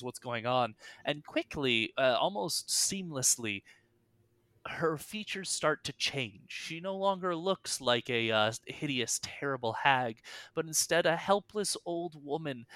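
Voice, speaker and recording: A game master talks through a tabletop session, narrating loosely and rambling with plenty of fillers. The tone is bright and forward. The sound is dry and close, with no room echo. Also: medium pitch, a little slow.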